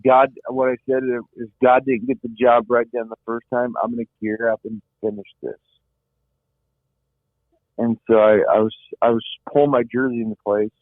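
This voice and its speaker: A man's voice: medium pitch, no room sound. Earnest middle-aged guy telling his story over a thin dry phone line, keeps repeating words. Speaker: guest. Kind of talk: emotional personal storytelling.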